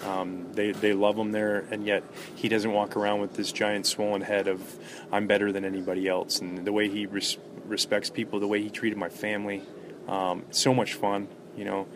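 Low-voiced man telling baseball stories. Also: background noise. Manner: animated anecdotes with many fillers and restarts. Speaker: former baseball player, guest. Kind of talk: relaxed interview storytelling.

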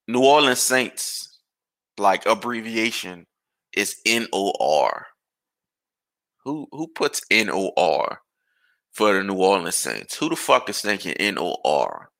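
A man hosting a podcast, ranting and rambling about sports in an animated, exasperated way and swearing freely. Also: fairly low pitch, vocal fry. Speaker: podcast host.

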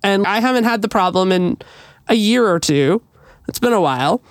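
Clean studio sound with no room sound frames this woman's medium-pitched, moderately paced voice. Co-hosting a podcast, she relates a story conversationally and animatedly performs the quoted dialogue.

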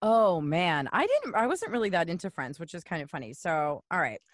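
A woman's voice: fairly low pitch, very animated, no echo. Playful woman, dry close sound. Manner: playful, quick to laugh. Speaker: podcast co-host. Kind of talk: casual chat.

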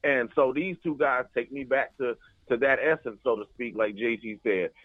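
A man's voice: mid-range voice, normal speed, dry recording. A man co-hosting a podcast, rambling through casual sports chat with restarts and fillers. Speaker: podcast co-host. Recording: tinny phone-like line.

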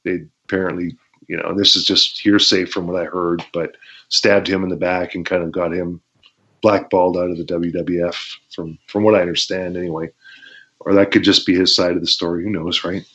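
Deep male voice, laid-back storyteller, laughing often, muffled lo-fi audio. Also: level tone, fairly quick, a bit bright. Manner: laid-back, laughs while telling stories, many fillers. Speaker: former pro wrestler, guest. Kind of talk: casual interview storytelling.

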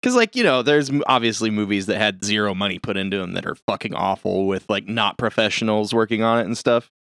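A man's voice: fairly low pitch, lively intonation, fast talker, a bit bright, no echo, clean studio sound. A man co-hosting a podcast in casual chat, loose and profane, laughing often. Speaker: podcast co-host.

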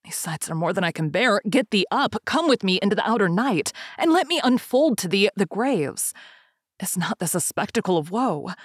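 A woman's voice: medium pitch, very animated, moderate pace, husky, dry recording. Mournful, shuddering male fiend of the grave, as a woman reader puts him on, pleading in a gibbering, rising voice; dry, close sound.

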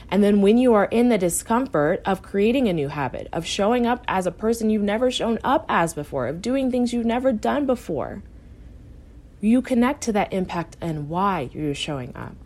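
Woman, podcast host, life coach, encouraging, direct, tough-love tone, mid-pitched voice. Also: a little mellow. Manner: encouraging, direct, laughs often. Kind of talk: motivational podcast talk.

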